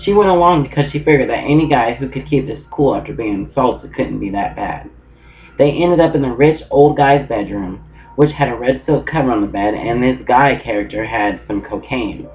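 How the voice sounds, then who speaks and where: A man's voice: medium pitch, moderate pace. A man reading a novel aloud in a casual manner, with small restarts and asides. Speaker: book reader. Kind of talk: audiobook reading. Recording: muffled with guitar music.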